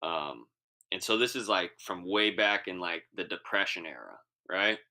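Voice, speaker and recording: A man's voice: deep voice, expressive, unhurried, bright, forceful tone. A young man co-hosting a podcast in casual chat, laid-back and slangy with many fillers. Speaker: podcast co-host.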